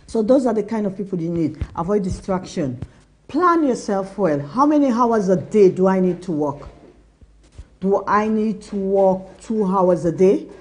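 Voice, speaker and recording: Young woman host, mellow voice, earnest motivational advice with acted-out dialogue. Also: medium pitch, expressive, a little slow. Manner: earnest, repetitive advice, acts out quoted dialogue. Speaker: business talk show host. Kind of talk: motivational business talk.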